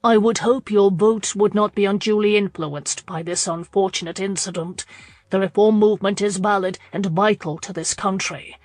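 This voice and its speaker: A woman reader voicing a guilt-ridden young aristocratic gentleman, speaking softly and with restraint. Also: steady tone, normal speed, no echo, lightly acted. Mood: restrained. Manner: low, soft, restrained delivery.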